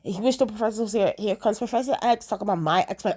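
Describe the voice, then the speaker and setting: A woman's voice: medium pitch, quick pace, darkish tone. A young woman talking through a TV episode in a casual review vlog, chatty and emphatic, repeating herself for effect. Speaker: TV show reviewer.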